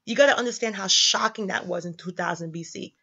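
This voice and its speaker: A young woman talks about her faith in a casual, slangy way, leaning hard on her points and repeating them for emphasis. Her voice sits at a middle pitch. The audio is a little dull and lo-fi. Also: quick pace, gravelly, bright, forceful tone, slightly rough. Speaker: commentator. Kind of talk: casual religious commentary.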